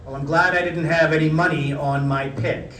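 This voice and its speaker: A middle-aged man reading a prepared lecture in a measured, wry storytelling manner. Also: fairly high pitch, fairly even intonation, fairly bright tone, slight background noise. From United States. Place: parish hall. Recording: roomy hall, mic at a distance.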